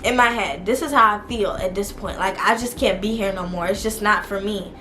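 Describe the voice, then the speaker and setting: Young woman, vlogger, casual storytime, animated, mid-pitched voice, faint background hiss. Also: a little fast. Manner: animated, talks straight to viewers.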